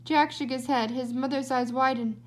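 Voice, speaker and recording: A woman's voice: sits high, steady tone, normal speed. A woman reading a children's fairytale book aloud with expression. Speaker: storybook reader.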